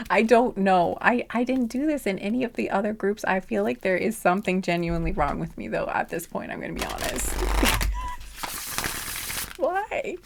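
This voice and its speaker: A woman's voice: mid-range voice, vocal fry, a little hiss or hum. A woman talking through a tarot reading in a loose, rambling way. She laughs often and slips into sassy asides. At times her voice drops to a whisper. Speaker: tarot reader. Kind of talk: casual chatty monologue.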